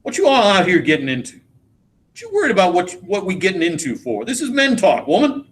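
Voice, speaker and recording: A man's voice: high-pitched, huge pitch swings, brisk, a little hiss or hum. A teacher reading aloud as a boastful, teasing middle-aged man who drawls through his stories. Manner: swaggering, teasing, drawling speech. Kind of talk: dramatic read-aloud of a play.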